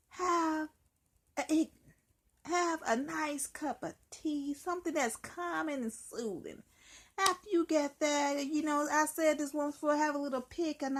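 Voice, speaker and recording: Sassy, profane woman host, high and very animated, slow deliberate delivery. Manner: sassy, swears a lot, calls listeners honey child; swings into high whiny mock voices. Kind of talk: profane motivational monologue.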